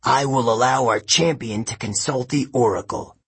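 A man's voice: mid-range voice, moderate pace, fairly bright tone, slightly rough. A man reading an audiobook voices a cruel, scornful ancient king who runs a camp, sounding menacing and sneering. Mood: grandly scornful.

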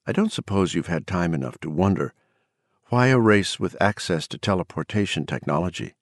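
A man's voice: low voice, lively intonation, fairly quick, dry recording, studio quality. A man voicing a cold woman taken over by an alien presence, speaking in a cool, condescending way in an audiobook. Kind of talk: audiobook character voice.

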